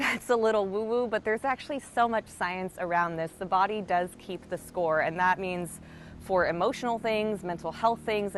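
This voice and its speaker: A woman's voice: on the low side, a little hiss or hum. Chatty, playful woman hosting a self-help vlog. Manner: chatty and playful, with swearing and light laughter; slows into a calm guiding cadence. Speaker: self-help video host. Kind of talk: casual direct-to-camera talk with guided mindfulness.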